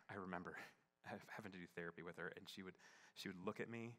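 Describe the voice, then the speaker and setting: A young man preaching through a personal story, his voice lower than most and bright at the edges. He halts and circles back with many fillers, then drops into a hushed, tender hush. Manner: halting, many fillers, shifts from playful to hushed and tearful. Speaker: pastor. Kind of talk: sermon storytelling.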